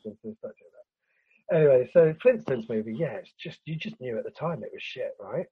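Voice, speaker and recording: A man's voice: medium pitch, lively intonation, a little fast, slightly rough. A man ranting in casual chat, laughing and swearing as he picks apart an old cartoon film. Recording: lo-fi recording.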